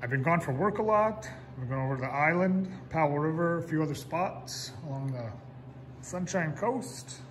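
A man giving a relaxed, chatty vlog update on his projects. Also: on the high side, normal speed, a little hiss or hum. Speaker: vlogger. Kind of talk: casual vlog narration.

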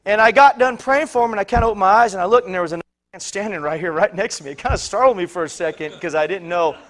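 A man's voice: high-pitched, very fast, fairly bright tone. A man preaching a sermon, telling a story in a rambling way, repeating words and acting out the voices of people he quotes. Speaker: pastor.

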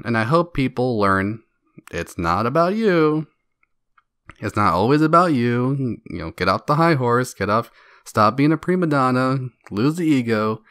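On his solo podcast, a man rants profanely and mockingly, laughing between his jabs. His voice is medium-pitched with a fairly bright tone. The recording is studio quality with no room sound.

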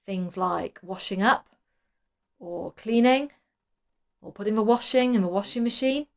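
A woman leading a school worship, asking children gentle questions. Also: medium pitch, unhurried, vocal fry. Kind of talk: children's collective worship talk.

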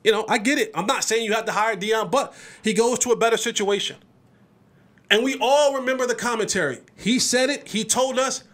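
A man hosting a sports podcast, talking in an animated, emphatic way, repeating words as he builds his points. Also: very high voice, a little fast. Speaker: podcast host.

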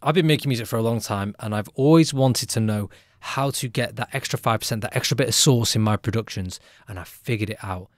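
A man who produces music gives a casual, upbeat tutorial in a chatty way, often tagging lines with a quick question. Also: lowish voice, no echo, clean studio sound.

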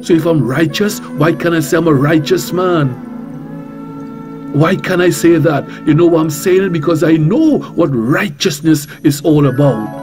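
A man with a Trinidadian accent preaching on talk radio in a somewhat high voice. He speaks boldly and emphatically, repeats phrases and asks one rhetorical question after another. Music plays clearly beneath him. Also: moderate pace. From Trinidad and Tobago. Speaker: reverend and radio talk host.

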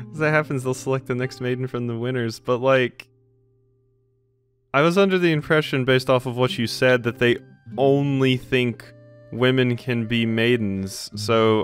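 A man giving casual let's play commentary, musing and reading game text aloud. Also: medium pitch. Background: game music.

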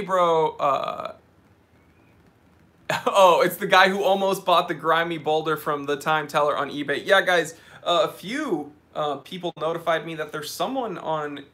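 Male live-stream host, casual and joking, bright and slightly high voice, greeting chat viewers by name. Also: measured pace. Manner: reads out viewer names and comments, chatty and joking. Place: office.

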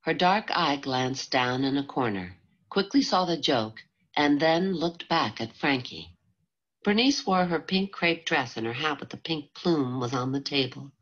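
Casting note: woman audiobook narrator, calm and measured, low husky voice, dull lo-fi sound. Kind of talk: scripted narration. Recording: dull lo-fi home recording.

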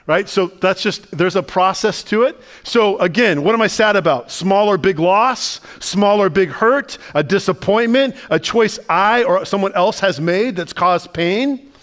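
A man, the pastor, preaching a sermon in a conversational, animated way and asking the listeners lots of questions. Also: high-pitched, unhurried. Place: church sanctuary.

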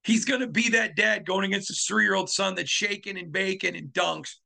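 A man's voice: high-pitched, animated, moderate pace, gravelly, few pauses, sharp tone. A middle-aged man hosting a sports podcast, talking in an emphatic monologue and repeating lines for effect. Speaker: podcast host.

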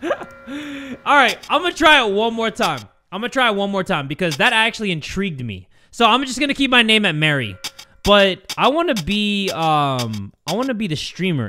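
Gaming YouTuber, young, jumpy and foul-mouthed, high voice, faint music behind. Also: male voice, pushed and bright. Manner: jumpy, swears a lot, swings from muttering to screaming. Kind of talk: horror game let's play commentary.

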